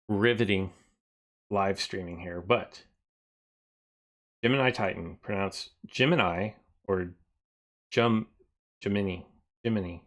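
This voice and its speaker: Male streamer, unhurried, lowish voice, rambling and thinking out loud to chat. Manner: rambling, thinks aloud, often trails off quieter. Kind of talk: casual live-stream chat.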